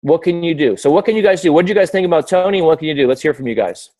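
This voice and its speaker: A man's voice: a little high, expressive, very fast, mellow, no room sound. A man hosting a weekly team video call, giving an earnest, rambling motivational talk full of restarts and fillers.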